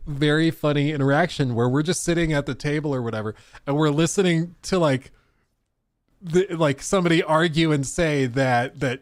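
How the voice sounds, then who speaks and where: A man hosting a casual live stream, talking in an animated, slangy way and laughing often. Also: a little high, moderate pace, dry recording. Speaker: livestream host.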